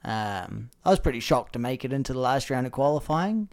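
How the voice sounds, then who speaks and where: A man's voice: medium pitch, animated, brisk. A man co-hosting a casual podcast, reacting with laughs and telling stories with frequent "um". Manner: reactive, laughs often, uses "um". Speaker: podcast co-host. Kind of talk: casual chat and storytelling.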